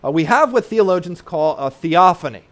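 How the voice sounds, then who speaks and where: Earnest preacher with a high-set voice. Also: male voice, lively intonation, moderate pace. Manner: earnest teaching with frequent "uh" and tag "right?"; explains terms plainly for children in the congregation. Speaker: pastor. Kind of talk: sermon.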